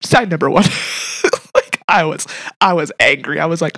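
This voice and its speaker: A woman's voice: low voice, moderate pace, a bit bright, dry recording. A young adult woman hosting a podcast, telling an emotional personal faith story in an earnest, heartfelt way. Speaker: podcast host. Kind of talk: personal testimony.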